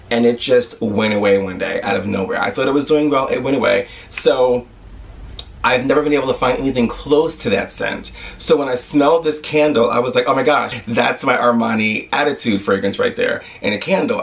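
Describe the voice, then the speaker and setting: Gravelly man gushing in a vlog. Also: mid-range voice, recorded from a distance. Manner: enthusiastic, gushing, rambling. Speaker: vlogger. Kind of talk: casual haul vlog.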